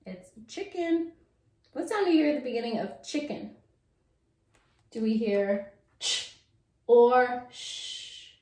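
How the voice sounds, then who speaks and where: Animated woman teaching phonics to kids. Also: fairly high pitch. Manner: playful, sing-song, sounds out letters slowly. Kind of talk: children's phonics lesson. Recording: echoey room.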